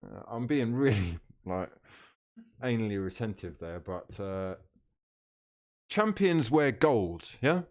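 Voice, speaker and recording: A man's voice: on the low side, sing-song, takes it slowly, pauses often. A man hosting a live football watchalong stream, reading out chat comments, teasing viewers and laughing often.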